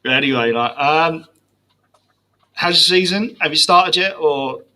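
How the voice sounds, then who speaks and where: A male host chats easily on a livestream. His voice is bright and forward, and his talk is friendly and relaxed. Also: on the high side, unhurried. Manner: easygoing, friendly, says "mate". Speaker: podcast host. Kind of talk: casual livestream chat.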